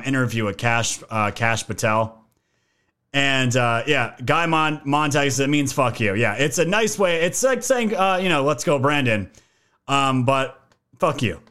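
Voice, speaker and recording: A man's voice: mid-range voice, a bit bright, clean tone. A man hosting a podcast, giving casual political commentary in a joking, profane way. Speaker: podcast host.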